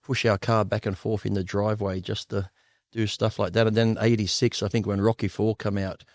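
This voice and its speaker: A middle-aged Australian man telling rapid, profane stories as a guest on a podcast, acting out the voices of the people he quotes. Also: on the low side, level tone, no echo. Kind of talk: casual storytelling interview.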